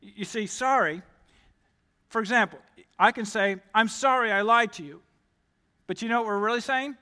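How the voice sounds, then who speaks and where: A male pastor preaching a sermon, talking emphatically and climbing louder on key points. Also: sits high, moderate pace, pauses often. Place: church. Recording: long hall reverb.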